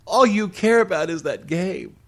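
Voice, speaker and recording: A man voicing a lovesick young girlfriend in a whimpering, plaintive high falsetto. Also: expressive, moderate pace, a bit bright. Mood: nagging.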